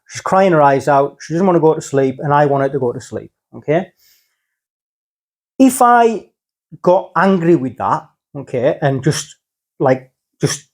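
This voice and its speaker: A man's voice: fairly high pitch, darkish tone. A middle-aged man from England, talking casually as a guest and checking in with "okay?" and "yeah?" as he explains. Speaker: podcast guest, father. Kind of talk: casual conversation.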